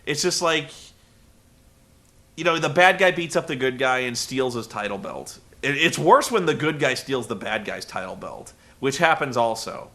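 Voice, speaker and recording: A man's voice: mid-range voice, sing-song, moderate pace, a bit bright. A man hosting a casual, rambling recap of a wrestling show. He is profane and sarcastic. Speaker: podcast host.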